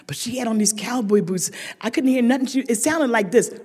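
An older woman sharing a humorous recovery story with a meeting, a lively storyteller who laughs often and rises to shouted emphasis. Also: on the high side, fairly quick, husky. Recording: echoey hall.

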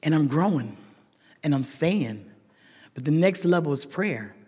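A woman's voice: deep voice, a little slow, husky. A woman stands before a recovery meeting and shares her own story, blunt and funny, with vivid impressions of the people in it. Her voice carries through a large hall with a long, ringing echo. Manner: frank, humorous storytelling, lively voicing of quoted people. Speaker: speaker sharing at a recovery meeting. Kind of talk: personal recovery testimony.

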